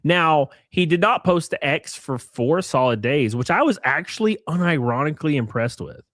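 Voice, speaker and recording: A man's voice: fairly high pitch, expressive, normal speed, a bit bright, dry recording, studio quality. A young man hosting a casual live stream, mocking and sarcastic, swearing freely and thanking viewers for gifted subs.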